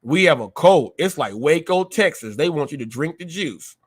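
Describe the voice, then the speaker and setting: A man's voice: a little high, lively intonation, moderate pace, slightly rough. Combative man hosting a live stream. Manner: combative, challenging viewers; repeats phrases for emphasis. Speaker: live-stream show host. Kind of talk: heated live-stream rant.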